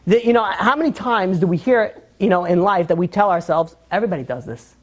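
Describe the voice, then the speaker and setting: A man, a rabbi, giving a casual, animated class, joking and acting out what people say. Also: high voice, brisk.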